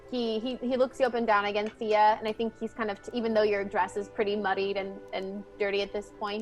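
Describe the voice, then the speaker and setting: A woman narrating a tabletop game as game master, with frequent pauses and restarts. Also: mid-range voice. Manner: halting, with many restarts and fillers.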